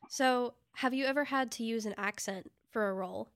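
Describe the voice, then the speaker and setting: A woman hosts the interview in a slightly raised voice, upbeat and quick to affirm. She asks her questions simply and keeps the chat moving. Her mic sounds close and dry. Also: on the high side, dry recording. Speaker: podcast host.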